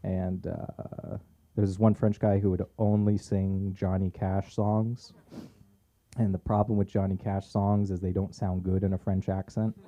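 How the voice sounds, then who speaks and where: A man doing a stand-up set at an open mic on a comedy club stage, delivering deadpan punchlines and chuckling at his own jokes. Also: sits low, a little slow. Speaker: stand-up comic.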